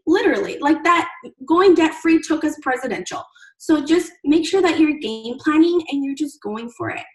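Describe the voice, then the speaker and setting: A woman sharing an excited, encouraging story about reaching her goals. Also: high-pitched, reverberant, far from the mic, low-quality recording. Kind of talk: motivational testimony.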